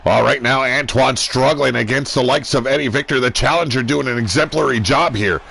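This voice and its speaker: A man's voice: mid-range voice, brisk, vocal fry, pushed and bright, husky. A man giving casual, profane play-by-play commentary on a wrestling video game, joking and irreverent. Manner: crude, irreverent, joking banter.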